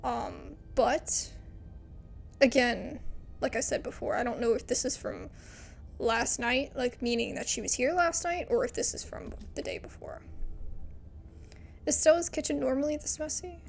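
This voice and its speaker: A woman streamer playing a story game, giggling and thinking out loud as she reads it aloud. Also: on the high side, animated, measured pace, gravelly, slight background noise. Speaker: let's play streamer.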